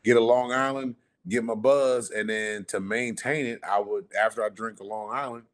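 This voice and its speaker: A man hosting a podcast, telling relaxed, profane stories in a laid-back drawl. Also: fairly low pitch, moderate pace. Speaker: podcast host. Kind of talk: casual chat.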